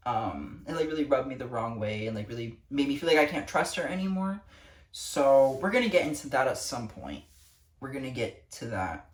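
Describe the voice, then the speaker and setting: A teenage girl rants to her camera, swearing freely and sounding fed up. Her voice sits low but swings widely up and down as she vents. The sound is echoey and picked up from a distance. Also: expressive, moderate pace. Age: teens. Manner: profane, exasperated ranting. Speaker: vlogger. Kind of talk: casual rant to camera. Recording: echoey room, distant mic.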